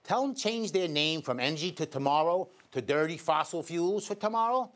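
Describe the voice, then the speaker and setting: New electrician host, high-pitched voice, sarcastic editorial rant. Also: male voice, animated, normal speed, fairly bright tone. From Staten Island, New York. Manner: indignant, sarcastic, addresses people directly. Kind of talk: scripted editorial commentary.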